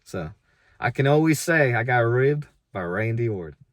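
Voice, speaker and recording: A man's voice: mid-range voice, expressive, moderate pace, dry recording. A man, a pro wrestler, casually telling a story about his career in a laid-back, self-deprecating, rambling way.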